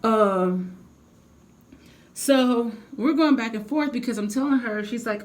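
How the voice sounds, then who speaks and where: A woman's voice: a little high, unhurried. A young adult woman telling a heated storytime to her vlog viewers, venting with blunt, profane language. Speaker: vlogger.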